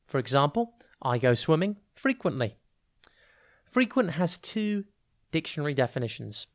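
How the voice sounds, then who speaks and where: A tutor walks through a vocabulary lesson for a podcast. The delivery is clear and unhurried, spelling words out letter by letter and stretching the stressed syllables of key words. The voice sits at an ordinary middle pitch. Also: sing-song.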